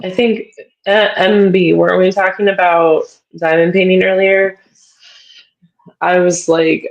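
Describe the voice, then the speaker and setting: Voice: medium pitch, a little slow, gravelly, highs cut off. A livestream guest chatting casually about crafting, self-mocking and laughing often. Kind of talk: casual chat while crafting.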